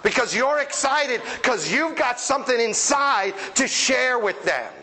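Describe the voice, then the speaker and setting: A man preaching a lively sermon to a congregation, animated and playful, often acting out the voices of the people he quotes. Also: very high-pitched, measured pace. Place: church service with congregation.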